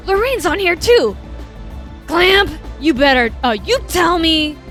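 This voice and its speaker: An enraged male police officer, put on by a woman reading a game aloud barks his demands in a high, loud voice. He stumbles over his words in anger and talks slowly. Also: big pitch swings, faint music behind, heavily acted. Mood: furious. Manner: shouting, demanding, stammering in anger.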